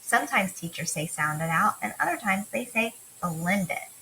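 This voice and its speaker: A woman teacher giving a remote phonics lesson to young children, talking slowly in a sing-song way and drawing out letter sounds. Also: medium pitch, lively intonation, sharp tone, slight background noise, poor audio. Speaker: kindergarten teacher.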